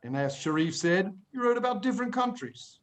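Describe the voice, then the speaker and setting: A man teaching English writing to a class of young students, playful and animated, acting out examples and hushing the class now and then. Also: high-pitched, brisk. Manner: playful, animated, acts out examples in little voices; talks to young students, often hushes the class. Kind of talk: classroom lesson to children.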